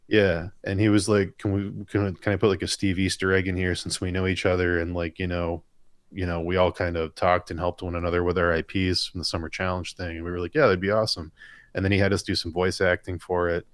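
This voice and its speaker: A man's voice: deep voice, little pitch movement, a little fast, no echo. A man co-hosting a live stream, reading viewer questions aloud and answering with rambling, enthusiastic stories. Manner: chatty, rambling, enthusiastic storytelling. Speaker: comic artist and co-host.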